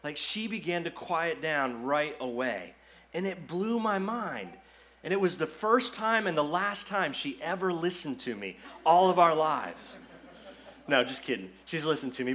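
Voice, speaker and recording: A man in his forties, a pastor telling a family story with small jokes in a Sunday sermon, then praying. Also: on the high side. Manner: storytelling, quips and jokes, then prays softly.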